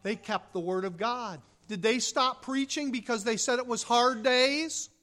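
Slow, forceful pastor preaching a sermon. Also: mid-range voice. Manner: dramatic preaching, rhetorical questions, swings from hushed to loud.

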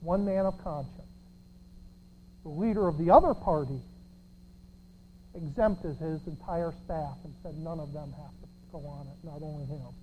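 Preacher going off in a sermon, sarcastic, loud then quiet, faint hum behind. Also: mid-range voice, moderate pace, pauses often, rough recording. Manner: sarcastic, swinging between shouts and near-whispers. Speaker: pastor.

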